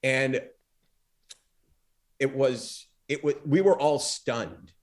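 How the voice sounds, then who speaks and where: A middle-aged man, a former talk show host, telling stories as a podcast guest and acting out the dialogue he quotes. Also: extremely slow. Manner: animated storyteller, acts out quoted dialogue with big pitch swings. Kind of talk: storytelling interview talk.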